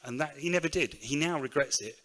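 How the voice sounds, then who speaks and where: Middle-aged bloke w/ northamptonshire accent spinning stories on stage, chatty and lively, acts out the quotes. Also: male voice, on the high side, a little fast. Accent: Northamptonshire English. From England. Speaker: keynote speaker, shoe factory owner. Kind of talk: storytelling conference talk. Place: conference room.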